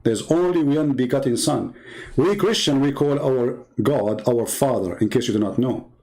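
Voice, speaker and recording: A man's voice: normal speed, mellow, low-quality recording. Taunting man with an Arabic accent. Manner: mocking, taunting, with sudden high-pitched outbursts. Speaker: livestream host reading viewer comments. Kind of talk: combative live commentary.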